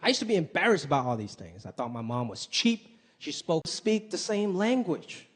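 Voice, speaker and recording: A man performing an animated stand-up set, switching in and out of impressions of the people in his stories. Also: a little high, normal speed. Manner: animated, shifts between impressions. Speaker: stand-up comedian. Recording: live club set with crowd laughter and noise.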